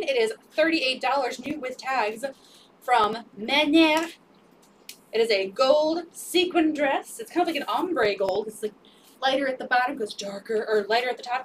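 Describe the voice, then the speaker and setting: A woman's voice: high voice, far from the mic, a little hiss or hum. A woman selling secondhand clothes on a live stream, upbeat and repeating sizes, prices and item numbers. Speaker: resale live-stream seller. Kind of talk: live sales pitch.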